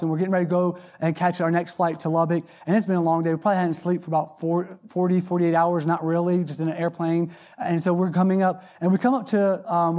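High-voiced animated male preacher. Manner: animated, repeats words when starting sentences. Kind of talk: sermon with a personal story.

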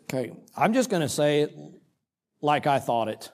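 A middle-aged man preaching, telling a story about himself in an animated, self-mocking way with quoted asides. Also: fairly high pitch, moderate pace, pauses often. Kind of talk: storytelling sermon.

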